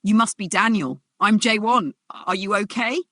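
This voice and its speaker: A narrator voicing a cold, quietly menacing crime boss who speaks level and calm, in a narrated drama story. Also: mid-range voice, normal speed, dry recording, clean studio sound, voice pushed up. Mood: gentle.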